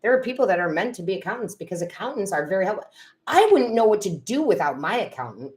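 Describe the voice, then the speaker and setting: A woman's voice: mid-range voice, sing-song, fast talker, darkish tone. A middle-aged woman, chatting casually on a live stream as a tarot reader and medium, reading viewers' comments aloud, laughing and getting emotional.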